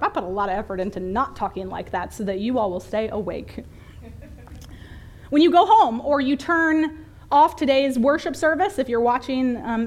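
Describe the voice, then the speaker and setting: A woman pastor preaching a conversational sermon in a church, laughing lightly at herself now and then. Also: fairly high pitch. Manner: conversational, self-deprecating, laughs often. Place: church sanctuary.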